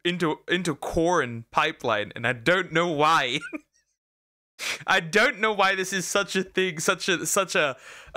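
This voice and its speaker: A man reacting to a video on his stream, his voice bright and a little high as it swoops up and down. He talks slowly, trips over his words, repeats lines in disbelief and laughs in between. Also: dry recording, clean studio sound. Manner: exasperated, stammering, repeats himself, laughs. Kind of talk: casual reaction commentary.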